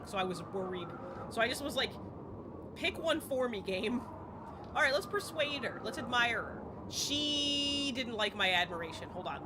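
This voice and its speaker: A young woman talks her way through a live game stream in a lightly high voice. She chats casually and excitably, sometimes breaking into squeals. A steady background noise runs under the recording. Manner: excitable, chatty, bursts into squeals.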